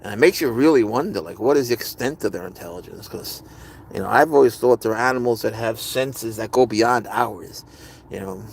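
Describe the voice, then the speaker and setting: A man's voice: on the low side, fairly quick, creaky, slight background noise. A man hosting a live stream, chatting casually and rambling as he answers viewers' comments. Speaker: livestream host.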